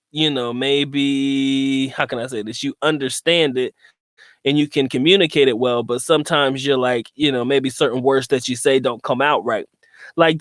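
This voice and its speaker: A man's voice: a little high, a bit bright, dry recording, studio quality. A man from the South, giving a rambling, casual monologue to his viewers with frequent asides. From Southern United States. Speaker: vlogger.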